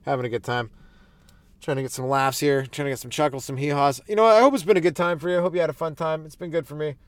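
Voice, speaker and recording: A man's voice: on the high side, fairly even intonation, fast talker, no room sound. A man hosting a podcast as a stand-up comedian, riffing crudely and rambling through jokes in a casual monologue.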